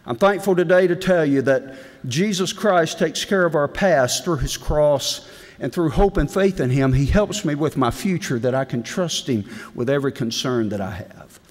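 A middle-aged man preaching a devotion in a folksy storytelling manner, swinging between loud and hushed delivery. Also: a little high, lively intonation, normal speed. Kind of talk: sermon. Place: large legislative chamber. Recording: long reverb in a big hall.

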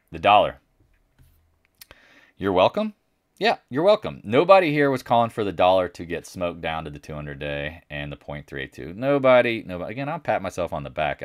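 A man's voice: very deep voice, no echo, studio quality. A man hosting a casual market recap, talking bluntly and boastfully, with mocking asides. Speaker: market commentary host.

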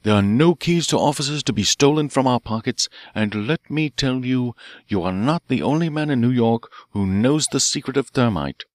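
A man's voice: medium pitch, expressive, moderate pace, no echo, studio quality, voice pushed up, lightly acted. A man reading an audiobook, voicing a bold, cool-headed detective professor who talks in a commanding way. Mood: accusing.

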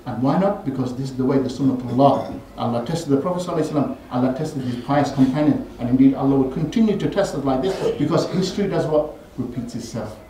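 A man's voice: fast talker, hardly any pauses, recorded from a distance, a little hiss or hum. Man preaching in an echoey mosque hall. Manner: animated storytelling, voices quoted figures with rising pitch and force. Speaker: imam giving Friday sermon. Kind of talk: sermon.

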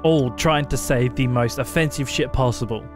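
A man's voice: medium pitch, normal speed, over music. A man with an Australian accent, streaming a game and throwing out brash, profane trash talk. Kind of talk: gaming stream commentary.

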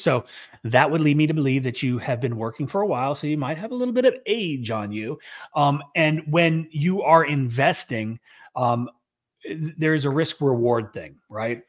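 A man's voice: mid-range voice, animated, moderate pace. A middle-aged man, a business owner, chatting casually on a show and rambling with lots of restarts and fillers. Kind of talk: casual chat.

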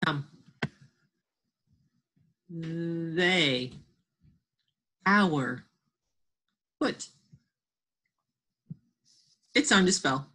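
A deep-voiced woman, animated and fairly bright in tone with a touch of breathiness, gives a remote phonics and spelling lesson. She sounds out letters and words slowly while encouraging her absent students.

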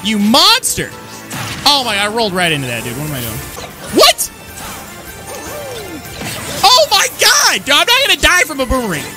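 A woman commenting on her own gameplay, excitable and slangy, often yelling at the screen. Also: fairly high pitch, fast talker. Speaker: gaming channel host. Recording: loud game music behind voice. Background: game music.

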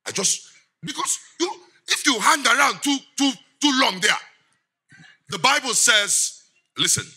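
A middle-aged man, giving a lively sermon as guest speaker, laughing often and quizzing the congregation. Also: very high voice, unhurried, pauses often, husky.

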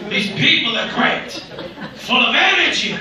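A man doing a booming older film star. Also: expressive, distant mic. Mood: exuberant. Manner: loud, drawn-out exclamations. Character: exuberant older male American film star. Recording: echoey live hall with a crowd.

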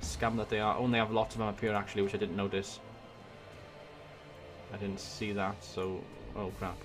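A man from Wales with a Welsh accent, giving excitable let's-play commentary on a strategy game into a desk microphone, swearing and muttering to himself as he plays. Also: on the low side, normal speed, music in the background. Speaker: gaming YouTuber. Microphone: desk USB microphone.

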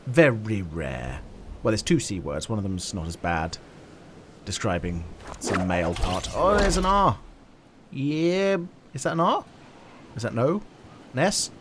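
A man doing jokey game commentary, talking to himself with sudden excited yelps. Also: medium pitch, measured pace, noisy background. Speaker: gaming channel host.

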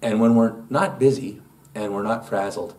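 A man, a pastor, reading a gospel passage and preaching a sermon in a church, with slow, emphatic phrasing. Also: on the low side, a little mellow, recorded from a distance. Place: church sanctuary.

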